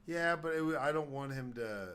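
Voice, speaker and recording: A man's voice: a little high, moderate pace, fairly bright tone, smooth. A man from Dallas hosting a podcast in casual chat, rambling and swearing, with many restarts. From Dallas, Texas. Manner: rambling, profane, restarts often. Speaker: podcast host.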